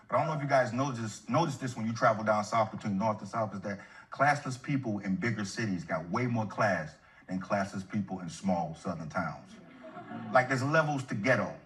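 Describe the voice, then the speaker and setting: A man's voice: on the low side, a little fast, a bit bright. A man comedian telling a conversational stand-up story and acting out the people in it. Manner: conversational, acts out customers in quotes. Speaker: comedian guest. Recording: noisy recording.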